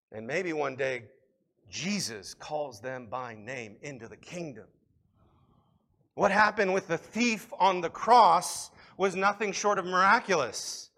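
A man preaching a sermon to a congregation, swinging between loud appeals and quiet reflection. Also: on the high side. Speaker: pastor.

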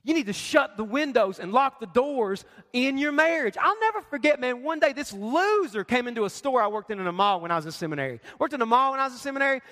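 A man's voice: very high voice, lively intonation, fast, hardly any pauses, fairly bright tone. A man preaching a sermon as pastor, emphatic and conversational, firing off rhetorical questions to his congregation. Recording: long reverb of a large hall.

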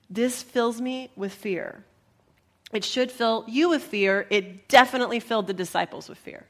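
Woman pastor, higher voice, lively sermon delivery with playful asides. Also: moderate pace. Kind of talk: sermon with scripture reading.

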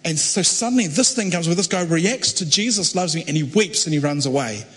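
A man preaching, telling a story in a conversational sermon style with halting restarts that builds to fervent emphasis. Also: fairly high pitch, expressive, slightly rough. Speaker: pastor. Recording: long hall reverb.

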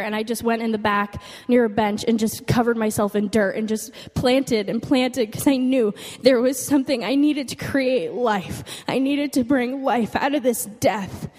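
A woman's voice: on the high side, a little mellow, long reverb tail. A young woman sharing a personal testimony with an audience, earnest and emotional, often saying "like". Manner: earnest and emotional, with frequent "like" fillers. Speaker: speaker giving a testimony.

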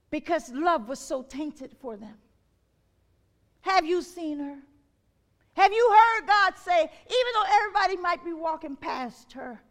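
A woman preacher delivering an impassioned sermon, her voice swelling and dropping as she calls out questions to the congregation. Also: very high voice.

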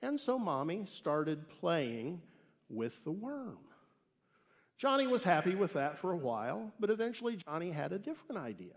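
A man preaching a sermon and telling a story, emphatic and swinging between loud declarations and hushed asides. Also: high-pitched, big pitch swings, moderate pace. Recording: echoey hall reverb.

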